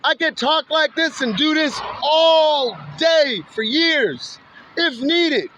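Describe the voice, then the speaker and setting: A man with a very high, bright, lively voice talks outdoors beside a road at night, taunting people in passing cars. He mocks, swears and laughs as he goes. The phone recording is dull and lo-fi, with faint street noise and passing vehicles behind him. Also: takes it slowly. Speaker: vlogger filming passing cars. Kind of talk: casual taunting street monologue. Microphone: handheld camera or phone.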